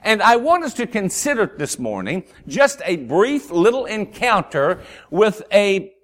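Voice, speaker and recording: A man's voice: high-pitched, a little slow. A man preaching a sermon and telling a humorous story, acting out the voices of the people in it. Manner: folksy storyteller, acts out voices, lively. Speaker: pastor.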